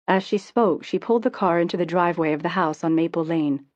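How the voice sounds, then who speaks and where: A woman's voice: fairly low pitch, no echo. Woman narrating an audiobook, dull lo-fi. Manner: steady, measured reading.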